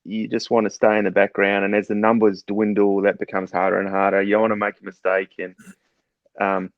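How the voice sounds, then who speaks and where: A middle-aged man with a New Zealand accent, a guest telling stories in a relaxed, measured way with frequent fillers. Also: fairly low pitch, dry recording. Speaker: guest, former special forces officer turned doctor. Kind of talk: casual storytelling in conversation. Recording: slightly dull, muffled sound.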